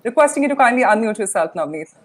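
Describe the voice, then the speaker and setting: A woman's voice: on the high side, sing-song, quick pace. A woman hosting an online awards ceremony, announcing winners in a polished, formal manner.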